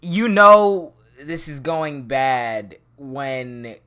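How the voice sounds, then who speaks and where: A man streaming a casual reaction to a clip, talking over it with excitable, laughing commentary and loud outbursts. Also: mid-range voice, very slow.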